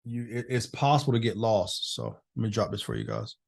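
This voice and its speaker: A man's voice: fairly low pitch, brisk, gravelly. A man hosting a casual live online business masterclass, chatting loosely with participants by name over a video call.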